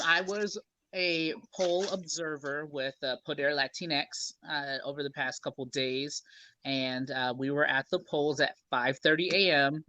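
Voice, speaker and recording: A tired man joining a casual stream as a guest, explaining voting rules in a clear, orderly way. His voice is bright and forward, with a dry, close sound. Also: a little high, dry recording. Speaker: guest, poll observer. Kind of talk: casual interview.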